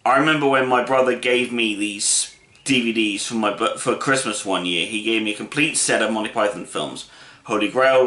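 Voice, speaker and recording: A man's voice: mid-range voice, bright, forceful tone, echoey room. A man giving a casual film review to the camera, opinionated and rambling, with many ums and restarts.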